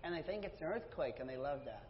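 A man's voice: fairly high pitch, big pitch swings, quick pace, slight background noise. An actor playing a cocky, careless boy who keeps caged wild birds, talking flippantly and haggling, on a dull echoey hall recording with music.

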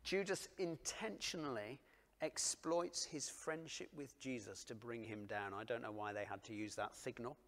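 A man preaching a sermon, earnest and dramatic, dropping to hushed near-whispers and then rising to loud emphasis, asking his listeners direct questions. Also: medium pitch, normal speed.

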